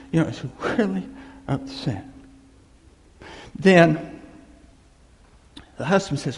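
A male preacher delivers a lively sermon, his gravelly voice sitting a bit high and swinging widely. He tells stories and repeats key phrases. The sound carries a long echo from a hall. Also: slow pace, pauses often, a little hiss or hum. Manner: animated storytelling with repeated phrases.

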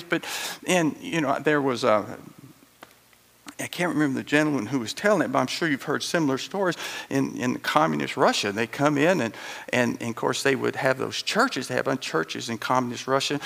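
A man with a medium-pitched voice and vocal fry preaches a sermon full of animated storytelling. He acts out the voices of his characters and adds chuckling asides.

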